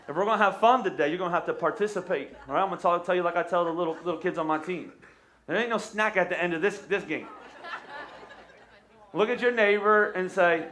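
A man, an energetic pastor preaching a sermon from a church stage and urging the congregation to respond. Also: high voice, a little fast.

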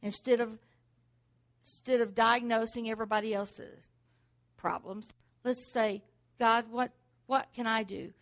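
A woman's voice: fairly high pitch, steady tone, measured pace. A middle-aged woman preaching a sermon, driving points home with rhetorical questions and repeated exhortations.

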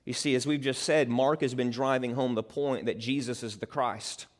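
A man's voice: mid-range voice, fairly even intonation, moderate pace. Man preaching in an echoing hall. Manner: building from hushed prayer to emphatic preaching. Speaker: pastor. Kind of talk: sermon. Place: church. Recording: long reverb of a large hall.

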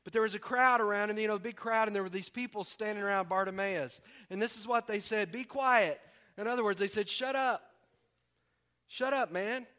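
A man from the preaching a sermon, animated and acting out voices with humor. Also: high-pitched, fast talker, hardly any pauses. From American South. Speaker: pastor.

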